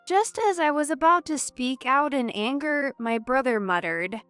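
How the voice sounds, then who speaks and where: A woman narrating a dramatic family story in the first person, in an even, measured way. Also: sits high, clear, resonant tone, dry recording, soft background music.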